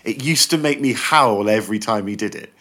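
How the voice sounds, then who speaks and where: On a podcast, a male guest with a lowish voice chats casually at a fairly quick pace. He is an animated storyteller who tells long jokes and acts out the characters in them.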